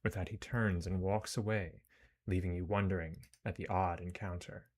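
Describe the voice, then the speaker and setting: Low-voiced man narrating a game. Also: normal speed. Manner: relaxed, chatty asides to viewers. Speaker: gameplay narrator. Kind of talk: let's play narration reading game text.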